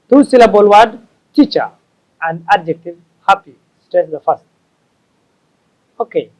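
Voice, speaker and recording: Man, high voice, English lesson, repeats and corrects himself. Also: a little mellow, rough recording. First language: Somali. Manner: slow, repetitive, stops to correct himself. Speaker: English teacher. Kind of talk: explaining tips to learners.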